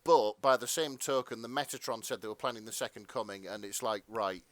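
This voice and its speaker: A man co-hosting a podcast, casually reading fan fiction aloud with relaxed asides and the odd swear. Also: lowish voice, brisk, dry recording. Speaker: podcast co-host.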